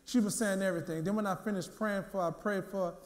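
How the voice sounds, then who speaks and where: Male minister, high voice, lively storytelling sermon with lots of repetition. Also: fast talker, echoey room. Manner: lively storytelling, repeats words, acts out quotes. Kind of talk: sermon with personal testimony.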